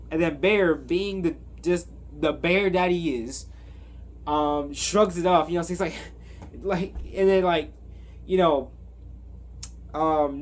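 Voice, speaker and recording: Male reviewer, unhurried, rambling and filler-heavy, slightly high voice. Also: slight background noise. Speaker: movie reviewer. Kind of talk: casual movie recap.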